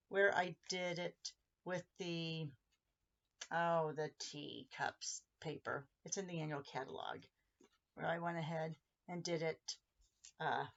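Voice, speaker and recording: Lady doing a card-making video, talks you through every step, a bit muffled. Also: lowish voice. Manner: chatty, talks viewers through each step. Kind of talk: casual crafting tutorial.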